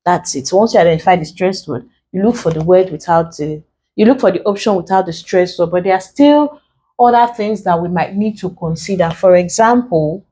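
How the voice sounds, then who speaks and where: A woman's voice: fairly low pitch, normal speed, dark tone, breathy edge. Woman tutor explaining exam steps. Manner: explains step by step, repeats key points. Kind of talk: exam prep lesson.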